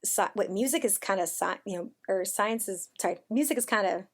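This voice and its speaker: A woman's voice: medium pitch, a little fast. Chatty woman guest in her forties. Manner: chatty, animated storyteller. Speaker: podcast guest. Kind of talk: casual conversational interview. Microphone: remote call.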